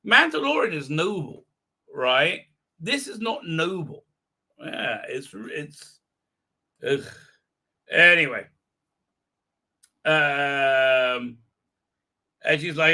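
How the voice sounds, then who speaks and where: Bright-voiced rambling man. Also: fairly high pitch, animated, drawn-out words, long pauses. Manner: rambling, exasperated, crude, many fillers. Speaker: livestream host. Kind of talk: livestream fan commentary.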